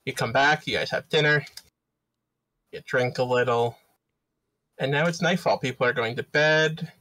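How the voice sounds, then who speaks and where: A man narrating as dungeon master in a tabletop game, relaxed, with frequent fillers. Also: mid-range voice, normal speed, dry recording. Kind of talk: running a tabletop game over a live stream.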